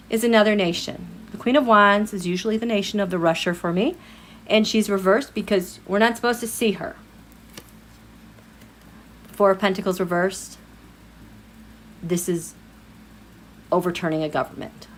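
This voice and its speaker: A woman giving a live-streamed tarot reading in an animated, exasperated way, speaking straight at the people she reads about. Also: medium pitch, moderate pace, pauses often, slight background noise. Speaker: tarot reader.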